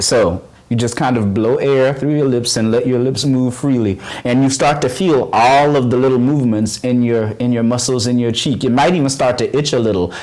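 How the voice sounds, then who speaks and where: A man's voice: mid-range voice, a little mellow. Patient, encouraging male voice teacher. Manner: patient, encouraging, demonstrates exercises; halting, restarts phrases often. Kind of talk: on-camera voice lesson.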